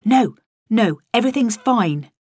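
A woman's voice: fairly high pitch, lively intonation, measured pace, a little mellow, breathy edge, no room sound, studio quality, voice pushed up. Woman doing a breezy, evasive young man. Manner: breezy, insisting all is fine. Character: man, a breezy security officer.

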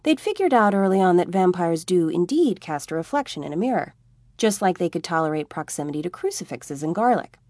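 A woman reads a comic novel aloud in a wry, expressive voice. Her pitch rises and falls a lot as she shapes each sentence. The recording is close and dry, with no room echo. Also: a little fast. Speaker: audiobook narrator. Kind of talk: scripted narration.

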